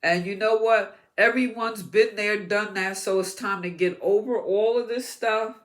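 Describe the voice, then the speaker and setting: Tarot reader, unhurried, encouraging, mid pitch, repeats words, slight background noise. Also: fairly even intonation, fairly bright tone. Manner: encouraging, repeats words while pulling cards. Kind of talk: astrology tarot reading to camera.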